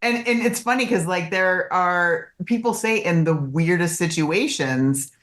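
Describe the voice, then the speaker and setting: Low voiced woman chatting on a podcast, roomy echoey sound. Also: unhurried. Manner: chatty, animated storytelling. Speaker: podcast co-host. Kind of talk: casual chat. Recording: roomy echo.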